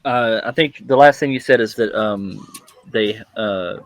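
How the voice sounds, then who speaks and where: A man taking part in a tabletop role-playing game. He speaks politely and haltingly, with frequent fillers, in a dry, close sound with no room around it. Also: on the low side, no room sound. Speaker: player.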